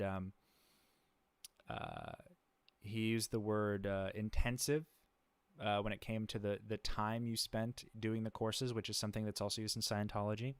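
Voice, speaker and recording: Relaxed and quick to chuckle, this livestream host talks casually, full of fillers and restarts. His voice is on the low side, clear and resonant, recorded without echo.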